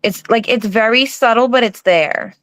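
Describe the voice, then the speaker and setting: A woman's voice: a little high, moderate pace, a bit bright, no echo. A tired woman guest on a live nail art stream, chatting in a bubbly, rambling, self-deprecating way. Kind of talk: casual live-stream chat.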